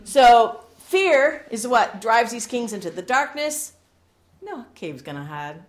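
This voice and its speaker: A middle-aged woman preaching a sermon, animated and jokey, with laughing asides. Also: on the high side, slow pace.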